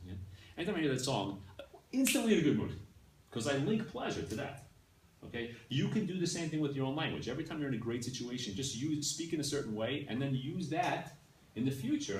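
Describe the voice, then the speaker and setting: A man teaching a class in a conversational, animated way, often checking in with his listeners. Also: mid-range voice, noisy background. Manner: animated, keeps checking in with "right?" and "yeah?". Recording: echoey room from a distance, faint ambience.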